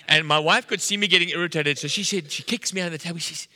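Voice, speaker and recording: A man's voice: on the high side, rapid-fire, hardly any pauses, bright, forceful tone. A middle-aged man preaching a sermon, telling a story and acting out the dialogue with animation. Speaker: pastor. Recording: long hall reverb.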